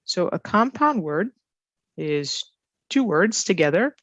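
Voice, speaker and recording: A woman ESL teacher explaining grammar and pronunciation, slowly repeating key phrases for learners. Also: fairly low pitch, lively intonation, no echo. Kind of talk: slow, careful teaching explanation.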